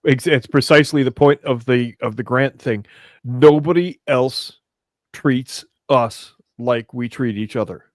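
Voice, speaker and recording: A man's voice: mid-range voice, unhurried, no room sound. Man, co-host, emphatic casual banter, dry mic.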